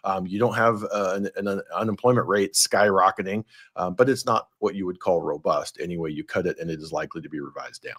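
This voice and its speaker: A man's voice: low voice, fast talker, fairly bright tone, slightly rough. A man co-hosting a live podcast, bluntly explaining jobs numbers and mortgage loans in casual commentary. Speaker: mortgage lender, podcast co-host.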